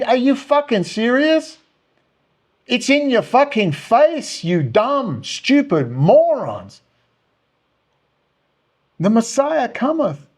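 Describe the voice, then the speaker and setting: High-pitched man in a profane rant. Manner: profane, shouting, sneering, big pitch swings. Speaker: political commentator. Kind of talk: angry solo rant.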